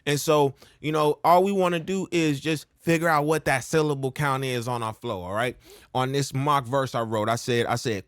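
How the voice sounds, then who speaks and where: A man's voice: medium pitch, normal speed, dry recording, studio quality. A man giving a laid-back, slangy rap coaching lesson, often checking in with "all right?". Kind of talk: casual music lesson with rap demos.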